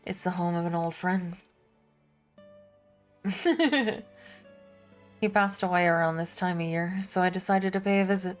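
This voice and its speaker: A woman voicing a calm, kindly older male ship captain who speaks in a measured, gentle way. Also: lowish voice, faint music behind, close to an everyday voice.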